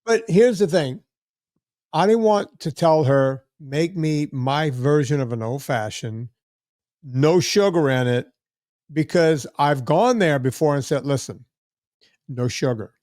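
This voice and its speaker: A man's voice: fairly high pitch, unhurried, darkish tone, dry recording, studio quality. A middle-aged man hosting a podcast, telling stories in a blunt, chatty way and often repeating words as he starts a sentence. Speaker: podcast host. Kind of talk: casual chat.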